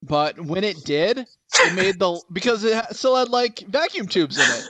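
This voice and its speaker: A young man hosting a casual talk show, with a high, bright voice. He rambles a little and sounds nervous as he tells a long story. The sound is dry and close to the mic. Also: big pitch swings, normal speed, no echo. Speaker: host. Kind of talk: casual chat.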